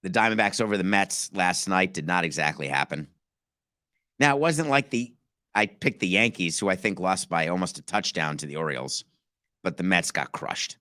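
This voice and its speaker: A man's voice: low-pitched, expressive, moderate pace, bright, forceful tone, dry recording, clean studio sound. A man hosting a sports talk podcast, speaking emphatically and firing off rhetorical questions. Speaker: podcast host.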